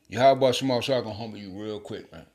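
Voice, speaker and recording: A man's voice: on the low side, normal speed, darkish tone. A man teaching scripture informally in his own videos, emphatic and slangy, often repeating words and chuckling. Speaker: bible teacher making videos.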